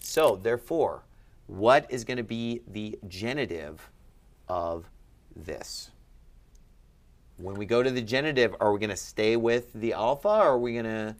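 A man's voice: fairly low pitch, unhurried. A man tutoring a student through Ancient Greek accents, patiently quizzing and encouraging him in a friendly, upbeat way. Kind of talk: one-on-one lesson.

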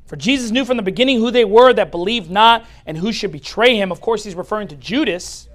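A man preaching a sermon as pastor, swinging from loud declarations to quiet asides and laughing at his own points. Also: high voice, fairly quick, hardly any pauses.

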